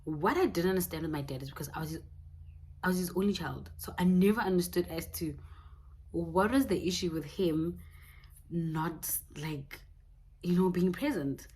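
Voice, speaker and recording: A woman's voice: lowish voice, normal speed, darkish tone, slight background noise. A young South African woman telling a personal story in a candid, casual way, laughing often. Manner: candid, mixing in Setswana phrases, laughing often. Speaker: YouTuber.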